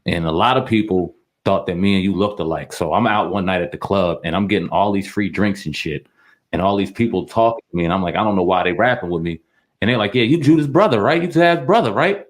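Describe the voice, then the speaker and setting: A man's voice: low-pitched, fast talker. A man hosting a podcast, telling a story in a casual, profane way with laughs. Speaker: podcast host.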